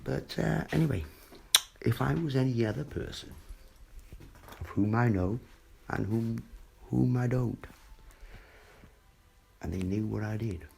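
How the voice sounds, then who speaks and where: A man's voice: medium pitch, unhurried, vocal fry, pauses often, mellow. A man rambling and swearing in a late-night home monologue, often dropping into murmurs and whispers. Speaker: vlogger. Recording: noisy home recording.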